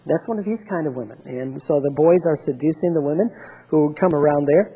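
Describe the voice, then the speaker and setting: A man's voice: a little high, lively intonation, brisk, mellow, breathy edge, rough recording. A male pastor preaching a sermon, emphatic and repetitive, reading scripture aloud and restarting his phrases often.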